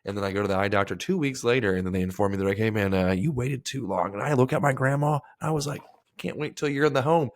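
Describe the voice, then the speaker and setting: Podcast host guy, mid pitch, crude jokes, does little voices in his stories. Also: fast talker. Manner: crude, jokey, acts out quoted voices. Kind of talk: casual banter.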